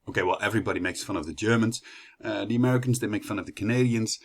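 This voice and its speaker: A man's voice: on the low side, very fast. A young man from the Netherlands with a Dutch accent, giving a chatty class presentation full of fillers and restarts. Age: young adult. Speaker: student presenter.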